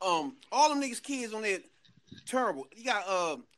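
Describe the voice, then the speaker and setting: A man telling a story in casual chat, animated and laughing, full of slang. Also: high-pitched, normal speed.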